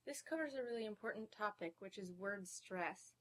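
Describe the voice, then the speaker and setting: A woman giving a recorded beginner language lesson, speaking clearly and slowing down to model each example word. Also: medium pitch, animated, a bit bright. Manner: clear, measured teaching delivery, slowing for model words. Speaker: language teacher.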